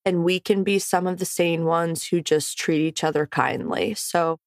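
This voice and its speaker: A woman's voice: lowish voice, fairly even intonation, normal speed, no echo, studio quality. Earnest, encouraging woman podcast host. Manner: warm-hearted, earnest, encouraging. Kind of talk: casual chat and show credits.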